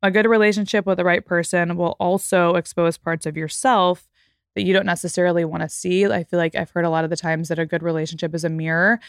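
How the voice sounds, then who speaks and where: Thirty-year-old woman podcaster, candid chatty delivery, lower voice, dead-dry booth. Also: flat delivery, fast talker, clean tone, dry recording. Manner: reflective, candid, frequent "like" fillers. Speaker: podcast host. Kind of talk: casual solo podcast talk.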